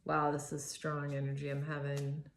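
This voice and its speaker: A woman giving a spontaneous tarot reading, awed and halting, with frequent sighs and restarts. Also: low voice, monotone. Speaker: tarot reader. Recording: roomy echo with faint noise.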